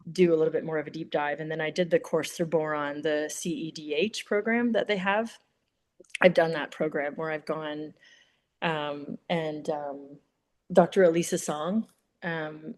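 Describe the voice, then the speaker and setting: A woman with a somewhat low voice, talking as a guest in a relaxed interview. She tells stories in an animated way, sprinkling her speech with "like" and quick asides. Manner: animated storyteller, full of "like" fillers. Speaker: naturopath guest. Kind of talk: casual interview chat.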